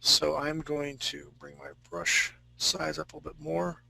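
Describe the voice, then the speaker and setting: A man's voice: a little high, very animated, unhurried, vocal fry, bright, forceful tone, no room sound, rough recording. A man teaching a live fantasy-art drawing class, talking casually and joking with his students. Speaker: art instructor.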